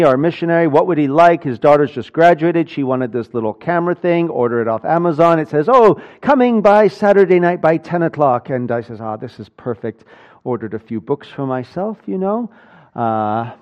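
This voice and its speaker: Male pastor, fairly high voice, lively sermon storyteller; muffled lo-fi recording. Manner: animated, swings between loud and hushed.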